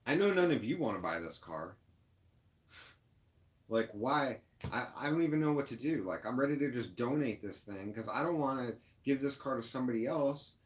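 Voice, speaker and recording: Frustrated man venting on a live stream. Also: mid-range voice. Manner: frustrated venting, halting restarts and fillers. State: upset, near tears. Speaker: rideshare driver vlogger.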